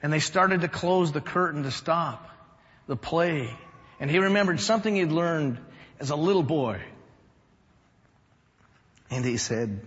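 Preaching a storytelling sermon as a pastor, a man with a slightly high voice swings from loud emphasis to a hush, with lively intonation, an unhurried pace and long pauses. The audio from the church sanctuary is dull and rings with the long reverb of a large hall.

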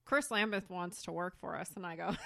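A woman's voice: on the low side, a little fast, creaky, no room sound. A woman chatting casually on a podcast as the studio owner, telling a story and acting out the quotes. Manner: animated storyteller who acts out quotes.

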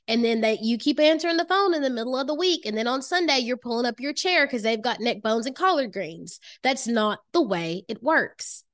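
A woman with a high, light voice leads a motivational master class. She speaks to the listener directly and emphatically, hammering points home by repeating them. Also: lively intonation, normal speed, hardly any pauses. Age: adult with children. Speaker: life coach and podcast host.

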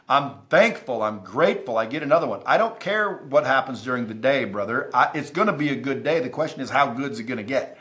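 A man's voice: medium pitch, fairly bright tone. Emphatic man telling stories as a guest. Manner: emphatic and intense, swears freely. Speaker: podcast guest. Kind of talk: casual interview storytelling.

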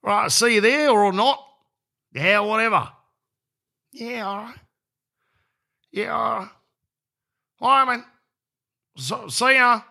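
Bland young beach blokes drawl back and forth in a lazy, noncommittal way, as a man with an Australian accent puts them on. The voice sits well above his own, flat and unbothered. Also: high-pitched, slow, gravelly, long pauses, voice pushed up, full character voice.

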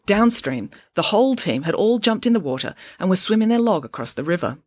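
A woman narrating a children's adventure book in an expressive storytelling manner. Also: mid-range voice, fairly quick, slightly rough, no echo, studio quality. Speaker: audiobook narrator.

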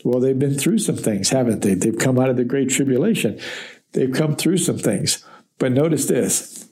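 A man's voice: mid-range voice, normal speed. A man giving a reflective, conversational verse-by-verse Bible teaching as a podcast teacher. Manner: reflective, conversational, with gentle fillers.

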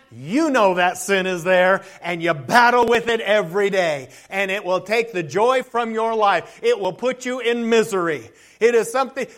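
Male pastor, sermon delivery, very high pitch, earnest, repeats himself. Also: fairly bright tone. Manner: earnest preaching, often restarts and repeats words.

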